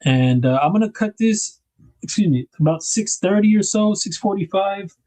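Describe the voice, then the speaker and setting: A man's voice: sits high, lively intonation, normal speed, mellow. A man hosting a casual livestream, chatting to viewers, reading their comments aloud and laughing often. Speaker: livestream host.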